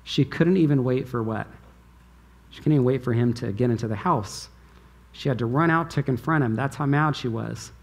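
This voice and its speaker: Man, pastor, sermon, emphatic, rhetorical questions, mid pitch. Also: normal speed, husky. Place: church conference hall.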